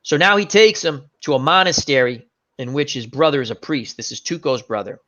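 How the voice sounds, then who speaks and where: A man's voice: mid-range voice, a little fast, fairly bright tone. A man hosting a casual chat, retelling scenes animatedly with fillers and self-corrections. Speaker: host. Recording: dull lo-fi recording.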